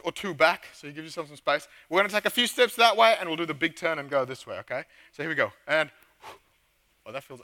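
A young man leading a children's church talk, playful and energetic, getting the kids to join in and shout lines back. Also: high-pitched. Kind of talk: animated kids' talk with audience participation. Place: church hall.

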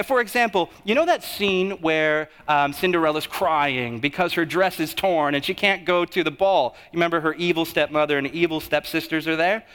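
A man in his thirties preaching a sermon in a church, telling a story with animated swings in his voice. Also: fairly high pitch. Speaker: pastor. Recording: long hall reverb.

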